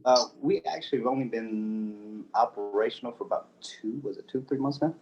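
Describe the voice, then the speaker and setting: A man's voice: medium pitch, fairly quick, darkish tone, dull audio, slight background noise. A man with a Southern US accent, laid-back and casual, repeating himself a little as he explains things. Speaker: guest, co-owner of screen-print business. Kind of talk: casual interview chat.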